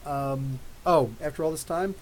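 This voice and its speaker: A man in his thirties hosting a live podcast, reading viewer questions and telling rambling, animated stories. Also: a little high, a little slow, poor audio. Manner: rambling, animated storytelling with laughs. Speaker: podcast host. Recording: faint hiss.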